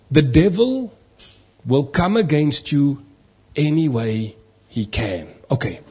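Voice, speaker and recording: A man preaching, his voice deeply husky and rough around the edges. He sits a little higher than most men and drives his points home with pointed rhetorical questions. Now and then he slips into mock whining voices to make a point. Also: darkish tone. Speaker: pastor. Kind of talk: sermon.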